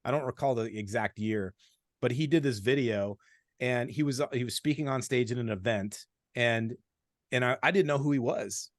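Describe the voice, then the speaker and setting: Man, forties, blunt, animated, swears freely, podcast guest, dry sound. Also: medium pitch, normal speed, no room sound. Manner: blunt, profane, animated storytelling. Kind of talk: casual storytelling.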